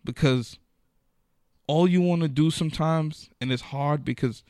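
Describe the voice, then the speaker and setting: A man's voice: fairly high pitch, measured pace, darkish tone, no room sound, clean studio sound. A man, a comedian, telling stories in a loose, profane, slang-filled manner during a casual podcast chat.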